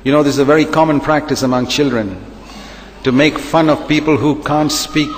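A man preaches with emphatic repetition and pointed rhetorical questions. His voice sits a touch high for a man. It rings out with a long reverb through a church hall. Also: a little fast, slight background noise. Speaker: pastor. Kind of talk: sermon.

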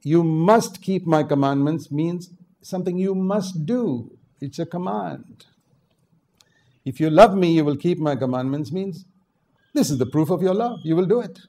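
An older male preacher from India delivers a sermon with a mellow, warm tone that sits a little high for a man. He drops to quiet asides, then rises into loud, emphatic exhortation. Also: measured pace.

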